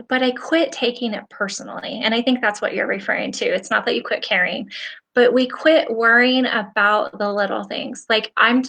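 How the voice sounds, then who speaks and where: Bright-voiced chatty woman in her forties. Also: fairly high pitch, creaky. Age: 40s. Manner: chatty, rambling, upbeat, motivational. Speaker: nail technician and livestream host. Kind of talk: casual livestream chat reading comments.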